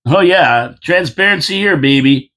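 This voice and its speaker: A man's voice: fairly high pitch, expressive, measured pace, pushed and bright. A man hosting a casual opinion monologue, rambling and repeating himself with folksy asides, sounding tired. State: tired, yawning. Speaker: local commentary host.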